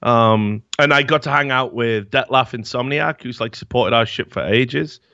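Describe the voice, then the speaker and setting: A man's voice: mid-range voice, normal speed, bright, forceful tone, no room sound. A man hosting a podcast, telling rambling stories in casual chat, full of fillers and swearing. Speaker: podcast host. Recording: slightly dull, dry mic sound.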